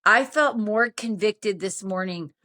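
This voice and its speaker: A woman's voice: mid-range voice, measured pace. A woman in her fifties, a podcast host telling a story in casual chat and acting out the dialogue. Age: 50s. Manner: animated, acts out quoted dialogue.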